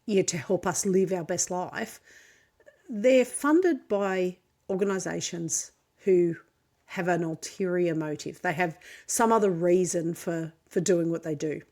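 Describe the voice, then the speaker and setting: Gravelly Australian woman, chatty podcast host. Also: on the low side, a little slow, dark tone. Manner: chatty, frank and opinionated, with many fillers and self-corrections. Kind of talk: casual unscripted monologue.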